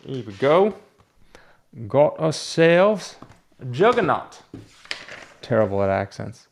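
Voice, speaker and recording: A man's voice: medium pitch, vocal fry, darkish tone. A man running a comic book shop, chatting casually and rambling as he talks himself through each graded book. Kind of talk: casual unboxing chat.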